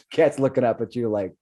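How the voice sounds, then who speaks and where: A man's voice: medium pitch, dark tone. A man narrating a tabletop game as game master, rambling with frequent restarts. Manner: rambling, restarts, laughs often.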